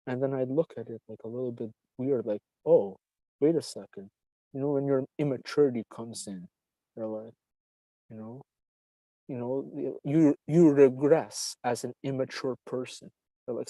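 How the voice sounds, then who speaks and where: A man with a slightly high but very dark, mellow voice, talking casually and profanely in a rambling way. He acts out the voices in his own story. The sound is dry and close. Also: moderate pace, dry recording, rough recording. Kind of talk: casual podcast chat, telling a dream story.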